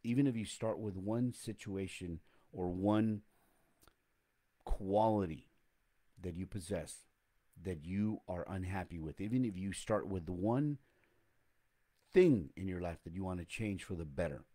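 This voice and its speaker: A man's voice: low voice, a little slow, long pauses, dark tone. A man hosting a casual motivational talk, rambling and reflective, often correcting himself mid-sentence.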